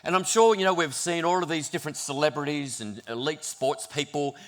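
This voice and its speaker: A middle-aged pastor preaches a sermon in church, telling stories in an animated, self-deprecating way. His voice sits on the high side and moves fairly quickly.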